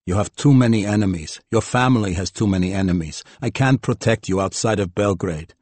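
A male audiobook narrator voicing a stern, grey-haired military major who speaks softly and curtly. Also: a little fast, no echo, close to an everyday voice. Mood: cold. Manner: low, soft and clipped.

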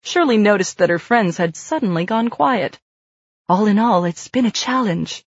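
A woman narrating an audiobook in a calm, steady storytelling manner. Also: medium pitch, moderate pace, breathy edge, no room sound. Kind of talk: scripted narration. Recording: dull dry studio read.

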